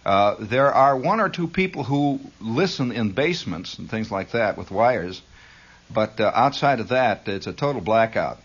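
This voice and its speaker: A man's voice: lowish voice, lively intonation, moderate pace, slightly rough. A male radio host delivering an improvised monologue in a wry, needling way, now and then slipping into mock voices. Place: radio studio. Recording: dull lo-fi 1960s radio recording.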